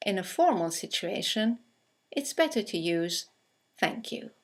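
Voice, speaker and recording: A woman teaching English in a scripted lesson, speaking with clear, careful delivery as she reads out example phrases. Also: mid-range voice, sing-song, unhurried.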